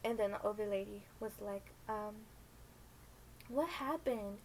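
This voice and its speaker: A woman's voice: mid-range voice, completely flat delivery, brisk, darkish tone, slight background noise, poor audio. A young woman in her twenties telling a story casually, rambling with lots of fillers and acting out the people in it. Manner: rambling, many fillers, acts out voices. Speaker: storytime vlogger.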